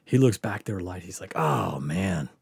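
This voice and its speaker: Husky guy rambling through a crazy story, swears a lot, voice swings up and down, dry close sound. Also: sits low, a little slow, dry recording. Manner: animated, profane, laughing through his story. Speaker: comedy podcast host. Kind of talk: casual storytelling chat.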